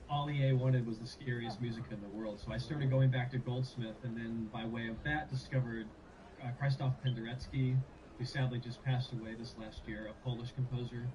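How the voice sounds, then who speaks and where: A man, a game composer, chatting in an interview in a relaxed way with many fillers. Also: mid-range voice, normal speed, distant mic, highs cut off, noisy background. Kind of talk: casual interview talk.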